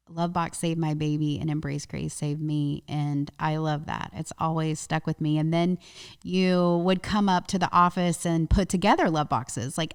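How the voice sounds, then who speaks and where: A woman's voice: low voice, smooth. A woman hosting a casual chat, encouraging and enthusiastic toward her guest. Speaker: host.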